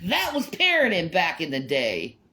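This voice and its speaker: A woman's voice: fairly low pitch, huge pitch swings, normal speed, pushed and bright. A middle-aged woman ranting on a livestream, swearing and confrontational, often repeating words and restarting her sentences. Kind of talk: livestream rant.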